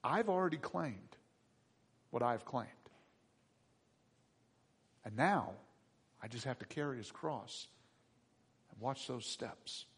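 A man preaching a sermon as pastor, moving between hushed reflection and loud, excited bursts. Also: medium pitch, takes it slowly, pauses often, breathy edge. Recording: long hall reverb.

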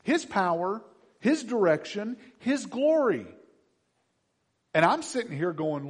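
Pastor guy in his 50s preaching, super lively up and down voice, bit raspy. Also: high-pitched, slow, pauses often. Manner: animated storytelling, swinging from loud to hushed. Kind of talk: sermon.

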